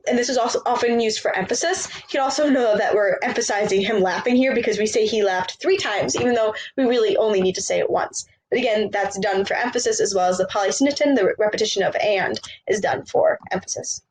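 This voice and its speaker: A woman teaching grammar, patiently walking through example sentences with quick question-and-answer drills. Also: mid-range voice, a little hiss or hum, low-quality recording. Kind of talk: grammar lesson over written examples.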